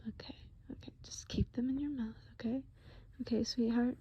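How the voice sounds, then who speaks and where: A woman voicing a young man gently soothing his dazed girlfriend in a whispered role-play, soft and affectionate, full of pet names. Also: fairly high pitch, fairly even intonation, moderate pace, husky, voice pushed up. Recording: dull lo-fi recording.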